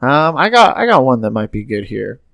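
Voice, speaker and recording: A man co-hosting a casual podcast, chatty and quick to laugh, who also reads listener questions aloud. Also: medium pitch, big pitch swings, vocal fry, fairly bright tone, no echo, studio quality. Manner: laughs often, loose and chatty. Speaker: podcast co-host.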